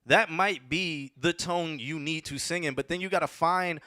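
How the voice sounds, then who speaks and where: A man co-hosting a show, reviewing submitted songs with blunt, animated critique that often trails off mid-sentence. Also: fairly high pitch, moderate pace, clear, resonant tone, dry recording, clean studio sound. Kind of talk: casual music review chat.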